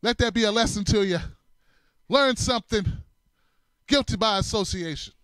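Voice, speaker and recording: A man's voice: high voice, normal speed, a bit bright, no echo, clean studio sound. A man hosting a comedic commentary show, laughing a lot, swearing casually and acting out scenes in different voices. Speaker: show host.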